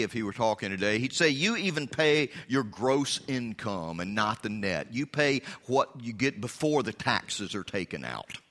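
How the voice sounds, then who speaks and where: Man, pastor, sermon, loud emphasis then hushed asides, long church reverb. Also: medium pitch.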